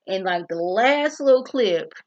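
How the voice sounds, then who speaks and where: A woman's voice: medium pitch, expressive, measured pace, muffled recording. A woman reviewing a TV episode in a casual, chatty vlog, talking straight to her viewers and acting out the characters' lines as she retells the scenes.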